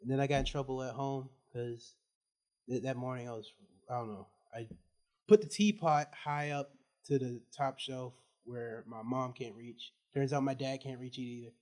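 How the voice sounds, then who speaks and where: A male student on a casual podcast, telling an animated story and laughing as he goes. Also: medium pitch, moderate pace. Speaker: student guest.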